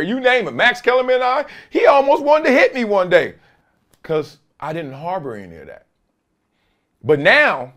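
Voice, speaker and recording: A man's voice: sits high, a bit bright. A middle-aged man hosting his own show, giving emphatic, slangy solo commentary and laughing often. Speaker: show host.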